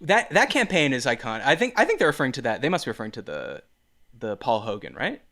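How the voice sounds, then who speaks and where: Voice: medium pitch, very animated, quick pace, fairly bright tone. A podcast host chatting casually, joking wryly and laughing along with a guest. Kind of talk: casual chat.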